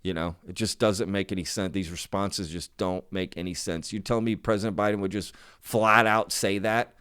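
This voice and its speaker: A man's voice: low voice, steady tone, moderate pace, a bit bright, smooth. A man hosting his own channel, talking casually to viewers in an emphatic, skeptical way and often repeating himself. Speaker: channel host.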